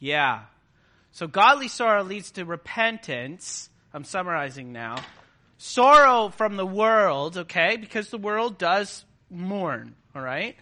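A man with a high, strikingly bright voice delivers a sermon to a gathered congregation. He talks in a casual, conversational way and keeps checking in with his listeners. The tone stays sharp and forward throughout. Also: big pitch swings, slow. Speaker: preacher. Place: before a live congregation.

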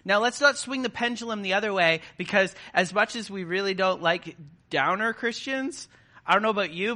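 Man, preacher, high voice, very bright tone, conversational sermon, checks in with the crowd. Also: normal speed. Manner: conversational, keeps checking in with the audience. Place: before a live congregation.

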